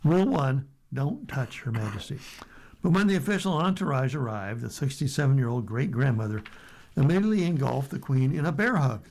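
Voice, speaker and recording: A man with an American accent reading newspaper stories aloud for a radio reading service, steady and unhurried with light asides. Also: medium pitch, low-quality recording.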